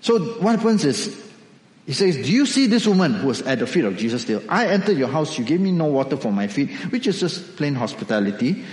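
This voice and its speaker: A man preaching a sermon, animated storytelling with acted asides. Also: mid-range voice, echoey room, big-room sound, rough recording. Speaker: pastor.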